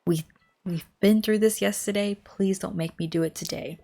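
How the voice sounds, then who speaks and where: A woman giving relaxed late-night gameplay commentary, rambling, chatting to the game's characters, and often apologizing with self-deprecating asides. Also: medium pitch, moderate pace, vocal fry. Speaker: gaming vlogger. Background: soft background music.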